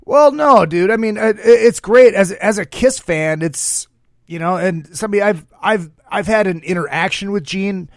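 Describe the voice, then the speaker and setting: A man hosting a casual interview show, telling stories in an animated way and swearing freely. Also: sits high, normal speed, no room sound, studio quality. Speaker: radio show host.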